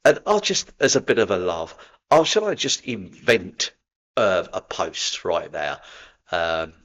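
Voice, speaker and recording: A man's voice: sits low, big pitch swings, a little slow, fairly bright tone, highs cut off. A man from London with a Cockney accent, talking casually to camera in a chatty, rambling way with frequent laughs. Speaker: spiritual vlogger.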